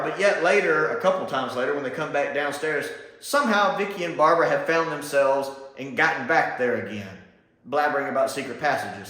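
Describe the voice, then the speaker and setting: A man talks through a TV episode in a loose, rambling review, his voice sitting a little high for a man. He gets animated and exasperated as he goes. The sound bounces around a very echoey room. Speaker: TV show reviewer. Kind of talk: casual spoken review.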